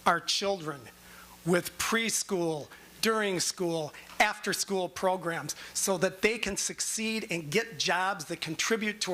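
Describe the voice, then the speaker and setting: A man from Minneapolis speaking with a notably high voice at a public forum. He gives a confident opening statement, listing his campaign points in order. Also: bright, forceful tone. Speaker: mayoral candidate.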